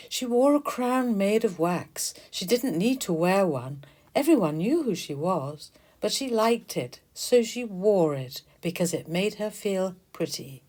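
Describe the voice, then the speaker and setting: A woman, the author, narrating a children's storybook in a gentle, expressive way. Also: mid-range voice.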